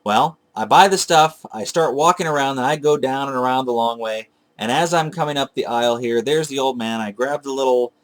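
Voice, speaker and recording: Man, mid-pitched voice, casual vlog storytelling, chatty, digressive, self-correcting. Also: brisk, hardly any pauses. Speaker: retro game collector vlogger. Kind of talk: casual rambling storytelling to camera.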